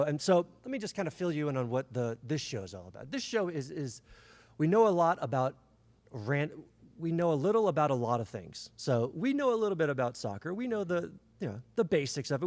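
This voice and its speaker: A man's voice: on the high side, big pitch swings, brisk, a little mellow. A man hosting a casual podcast, joking and playful as he talks with his guest. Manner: joking, playful, laughs often. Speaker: podcast host. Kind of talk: casual chat.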